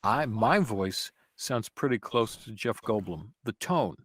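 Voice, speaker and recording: A man guesting on a casual podcast as a voice actor, chatting in an animated and playful way, with loud bursts and quieter asides. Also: fairly low pitch, a little slow, a little hiss or hum. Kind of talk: casual podcast interview chat.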